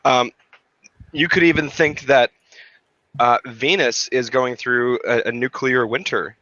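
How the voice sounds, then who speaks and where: A man's voice: medium pitch, steady tone, unhurried, sharp tone, dry recording, highs cut off. A man chatting casually about space and history, rambling with fillers, restarts and casual swearing. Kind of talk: casual chat.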